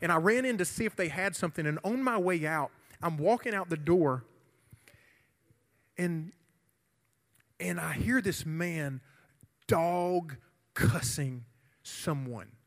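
Animated high-voiced youth pastor. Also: male voice, slow pace, long pauses. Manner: animated, shouting during the retold confrontation. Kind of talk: sermon with storytelling. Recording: hall reverb.

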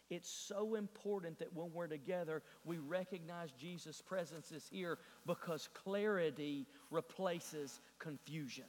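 A man preaching a sermon as pastor, moving from hushed storytelling to fervent, rising exhortation. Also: a little high, unhurried, few pauses, big-room sound. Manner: earnest preaching, swings from hushed storytelling to fervent build-ups. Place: church sanctuary.

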